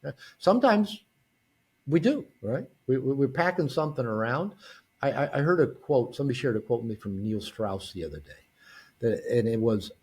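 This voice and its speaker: Male guest expert, husky tone, very expressive pitch, conversational, lots of restarts. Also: normal speed. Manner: animated, acts out quoted dialogue, frequent restarts. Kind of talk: conversational interview.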